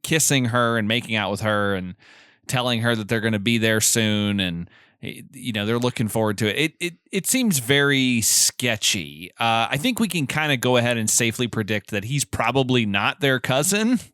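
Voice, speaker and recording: Retelling film scenes with frequent laughter, a male podcast co-host keeps the chat casual at a normal speed. His medium pitch is animated, pushed and bright, clear and resonant, in a dry, studio-quality recording.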